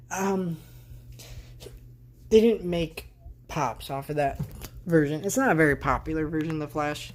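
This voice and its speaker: A man's voice: a little high, slight background noise. A man vlogging a casual tour of his bedroom on a handheld camera, rambling with sarcastic asides. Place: bedroom, indoors.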